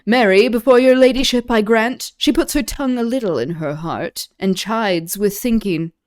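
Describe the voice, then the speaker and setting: A woman's voice: a little high, moderate pace, darkish tone, pitched above the performer's own voice, natural voice. Iago, bitter scheming male ensign, read aloud with extra push by a woman reader. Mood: mocking.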